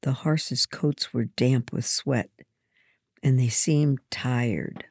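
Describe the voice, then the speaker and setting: A woman reading a children's storybook aloud, slow and measured. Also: extremely low pitch, gravelly, darkish tone, slightly rough, no echo, clean studio sound. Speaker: reader. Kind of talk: storybook narration.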